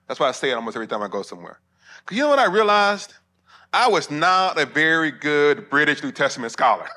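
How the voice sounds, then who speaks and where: A man's voice: on the high side, big pitch swings, fast, bright, forceful tone. A middle-aged man preaching at a conference, conversational and humorous, with asides to the audience. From Alabama, US. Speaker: preacher and theologian. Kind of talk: conference sermon. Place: conference hall before pastors.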